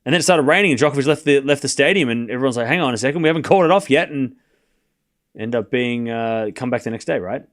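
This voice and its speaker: Speaking fast in a medium pitch, a man hosts a tennis watchalong stream. He announces the score between points and argues with his chat sarcastically, blending live commentary with casual conversation.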